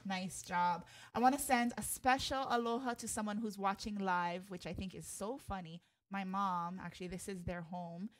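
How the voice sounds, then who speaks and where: A woman teaching an online hula class, chatting to viewers by name in a friendly way and leading chants in long drawn-out tones. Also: mid-range voice, fairly even intonation, no echo.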